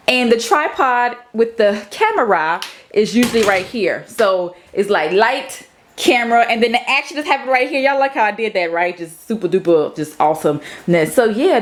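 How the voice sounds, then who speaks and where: Playful chatty woman giving a home studio tour, talks to the camera. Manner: chatty, playful, breaks into high baby-talk with her cat. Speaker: vlogger. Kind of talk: casual studio tour vlog.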